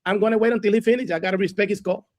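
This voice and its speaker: A man's voice: high-pitched, steady tone, racing, a little mellow, no echo. A man with a Spanish accent, arguing on a call in a repetitive, insistent, defensive way. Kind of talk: heated argument on a call.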